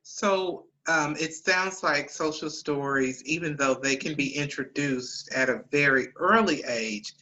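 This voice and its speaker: A woman's voice: low-pitched, unhurried, hardly any pauses, bright, forceful tone, highs cut off. A woman hosting an interview, offering brief acknowledgements and reflective summaries. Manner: brief supportive acknowledgements, then a reflective summing-up. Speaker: host.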